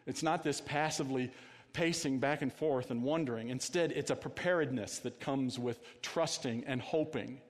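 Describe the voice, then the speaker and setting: Male pastor, conversational sermon delivery, asks the congregation questions, goes quiet for emphasis; reverberant sanctuary sound. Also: medium pitch, moderate pace.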